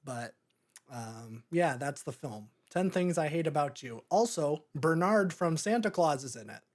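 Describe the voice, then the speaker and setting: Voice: medium pitch, lively intonation, a little slow. A podcast host talking through a movie in a casual, rambling way, often breaking into laughter. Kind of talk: casual movie review chat.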